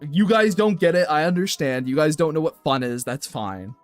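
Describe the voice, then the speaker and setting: A young man streaming, chatting casually with his viewers in an animated, playful, mock-indignant way. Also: on the high side, moderate pace, soft background music.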